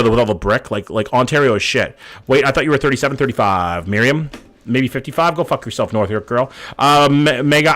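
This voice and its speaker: A man's voice: fairly high pitch, a bit bright. A man, casually chatting and swearing as he reacts to viewers' hometowns live. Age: 30s. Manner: casual, profane, reads chat aloud. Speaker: live streamer. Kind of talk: live stream reaction chat.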